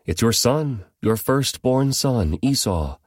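A man voicing a desperate grown son who begs in drawn-out, bitter pleas. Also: medium pitch, animated, no room sound, clean studio sound, voice pushed up. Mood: pleading.

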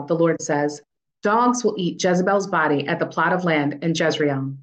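A woman reading a Bible passage aloud as host of a daily reading plan, in a clear, measured way. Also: lowish voice. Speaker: scripture reader and podcast cohost.

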